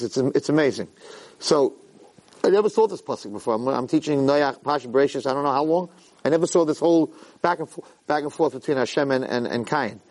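A man teaching a Torah lesson in an animated way, acting out quotes and repeating words for emphasis. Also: mid-range voice. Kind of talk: Torah lecture.

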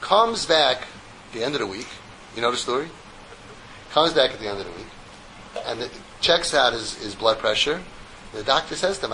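A man giving a Torah lecture to a group as rabbi, an animated storyteller who slips in jokes. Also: mid-range voice, moderate pace, long pauses, slight background noise, poor audio.

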